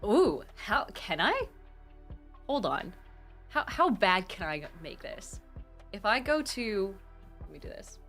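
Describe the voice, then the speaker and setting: Bubbly, lively woman streamer. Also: medium pitch, slow, long pauses, faint music behind. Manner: bubbly, gushing and excitable, thanking donors. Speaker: streamer hosting a charity stream. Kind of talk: casual live-stream chat, reading chat aloud.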